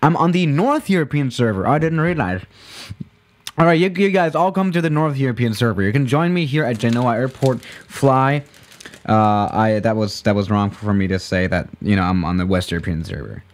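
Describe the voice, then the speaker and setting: A man's voice: mid-range voice, lively intonation, normal speed. A man chatting casually on a live stream while playing a flight simulator, rambling and correcting himself as he goes. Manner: rambling, self-correcting, laid-back.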